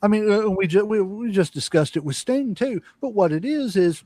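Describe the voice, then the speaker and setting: A man's voice: high voice, animated, moderate pace, dark tone, dry recording. A man hosting a podcast, talking in a rambling, opinionated way about wrestling. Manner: rambling, opinionated, many fillers. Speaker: podcast host. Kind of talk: casual wrestling commentary.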